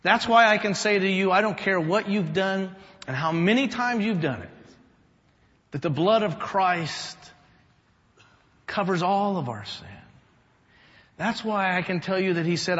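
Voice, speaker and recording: A man in a pastor's role delivers a storytelling sermon in a church sanctuary, animated and at a measured pace, pausing often as he moves between loud emphasis and hushed tones. His voice sits a little high for a man, and the dull audio carries a large hall's long reverb.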